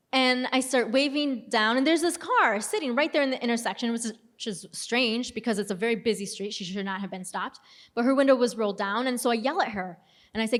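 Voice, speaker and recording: A woman's voice: fairly high pitch, fairly bright tone. Woman, young adult, personal testimony, casual storytelling, long hall echo. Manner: casual storytelling with self-deprecating humor. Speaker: speaker giving a testimony.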